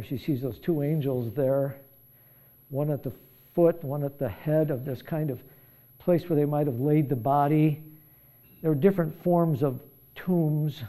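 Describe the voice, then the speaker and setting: Male pastor with a warm, mellow tone and a conversational, reflective sermon delivery. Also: on the high side. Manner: conversational, reflective, thinking aloud with restarts.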